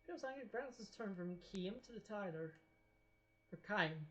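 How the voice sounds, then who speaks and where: A woman's voice: medium pitch, lively intonation, unhurried, fairly bright tone, faint music behind. Woman streamer narrating a game story. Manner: casual asides between narration. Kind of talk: reading game story aloud on a live stream.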